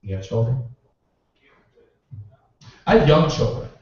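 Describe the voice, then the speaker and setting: A man's voice: mid-range voice, big pitch swings, measured pace, a little mellow. Young male stand-up, exasperated ranting, heard from off-mic in an echoing club. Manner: exasperated rants with profanity. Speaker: stand-up comedian. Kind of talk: stand-up routine at a comedy club. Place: small comedy club. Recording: roomy, distant, muffled club recording.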